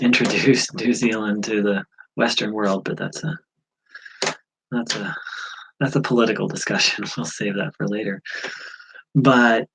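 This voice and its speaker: A man from the USA talking through a personal spiritual insight, halting, with many fillers and restarts. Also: on the low side, a bit bright, husky, poor audio. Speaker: spiritual teacher. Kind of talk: reflective spiritual vlog.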